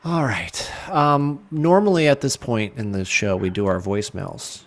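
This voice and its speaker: A man's voice: lowish voice, measured pace. A man co-hosting a casual podcast, teasing his partner and grumbling in mock displeasure at the listeners. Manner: teasing, wisecracking, mock-grumpy. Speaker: co-host. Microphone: home mic on a video call.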